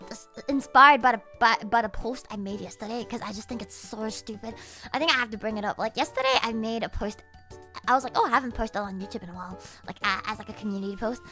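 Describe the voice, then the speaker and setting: A woman streaming and chatting casually, with a sarcastic edge and plenty of swearing. Her voice sits high and bright, and it swings widely up and down as she talks. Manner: sarcastic, swears freely, laughs often.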